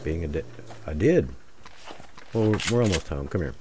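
This gaming channel host speaks at a normal speed in a low voice with lively intonation, and background noise is audible. Playing a survival game alone, he keeps up casual, jokey commentary, rambling and muttering asides to the people watching.

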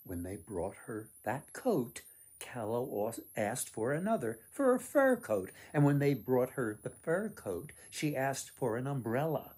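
A man reading a folktale aloud to children, expressive with dramatic pauses. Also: medium pitch, husky. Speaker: author reading his book. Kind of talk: storybook read-aloud.

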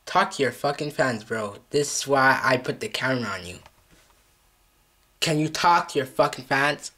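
A man's voice: mid-range voice, animated, normal speed, bright, forceful tone. A male vlogger in a comedic scolding skit, swearing heavily and repeating mock threats and taunts.

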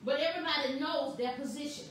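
A woman pastor delivering a sermon, with slow, emphatic preaching that stresses words boldly. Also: high-pitched, fairly even intonation, a little hiss or hum. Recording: echoey room, voice from a distance.

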